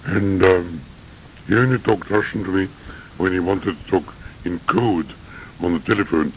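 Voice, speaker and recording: A man's voice: deep voice, normal speed, slight background noise, low-quality recording. An older man being interviewed, reminiscing in a rambling, hesitant way with many digressions. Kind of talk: recorded conversational interview.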